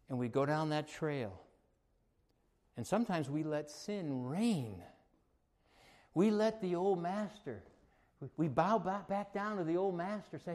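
Male pastor, higher-pitched voice, preaching style with dynamic swings from soft asides to loud emphasis. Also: expressive, unhurried, pauses often. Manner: emphatic preaching, swings between quiet asides and raised exclamations. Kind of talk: sermon.

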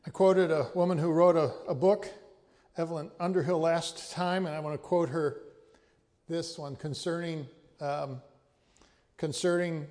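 A man's voice: on the high side, steady tone, a little mellow, long reverb tail. A man preaching a sermon, teaching carefully and often restarting or repeating a word before going on. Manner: measured teaching, with frequent restarts and repeated words. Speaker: pastor.

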